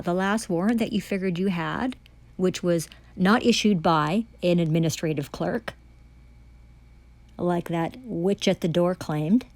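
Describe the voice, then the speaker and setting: In a dry recording, a woman whose voice sits on the low side with a darkish tone delivers furious, profane accusations. She calls herself a foreign diplomat giving testimony, and her angry rant keeps circling back as she repeats herself and starts phrases over.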